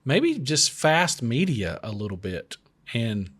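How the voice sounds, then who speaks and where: A man's voice: mid-range voice, big pitch swings, takes it slowly, a bit bright, slightly rough. A man co-hosting a casual podcast discussion, earnestly offering practical advice. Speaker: podcast co-host.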